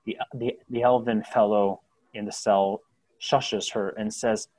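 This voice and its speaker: A man's voice: lowish voice, steady tone, a little mellow. A man narrates a tabletop game as game master. He stops and restarts often, filling gaps with ums as he describes the scene. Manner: halting, many restarts and fillers.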